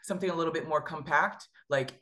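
Bright, bubbly woman co-host. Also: low voice, quick pace. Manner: bubbly, laughs a lot, playful teasing. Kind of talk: casual chat.

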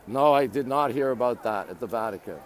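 Holding his phone outdoors on monument steps in a bustling city, a Canadian livestream host welcomes viewers and reads their comments aloud chattily. He has a mid-range voice, talks a little fast, and there's slight background noise.

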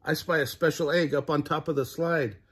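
An older man voicing an excitable male rooster in a storybook, with a husky voice. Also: fairly high pitch, a little fast, voice pushed up. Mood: eager.

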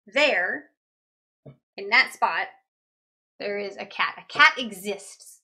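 A woman teaching a beginner language lesson in a chatty manner, explaining grammar with examples and repeating words slowly. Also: medium pitch, sharp tone.

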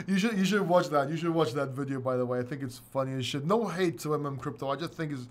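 A man's voice: fairly high pitch, animated, fairly quick. A middle-aged man hosting a casual livestream chat, rambling, swearing and laughing often. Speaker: host.

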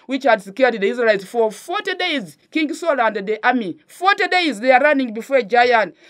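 A woman pastor with a Ugandan English accent preaches a sermon. She presses her listeners with repeated rhetorical questions and exhortations. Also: on the high side.

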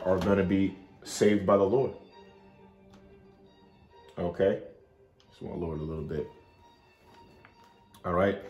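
A man giving an informal Bible study, chatting loosely and reading scripture aloud slowly. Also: sits low, darkish tone, roomy sound. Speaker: Bible teacher.

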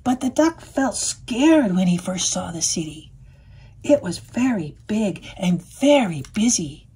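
A woman voicing a friendly male puppet cat who reads a children's storybook aloud in a breathy, half-whispered, playful way. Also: medium pitch, sing-song, slow pace, mellow, full character voice. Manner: playful, chatty, lingers over words. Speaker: storybook reader.

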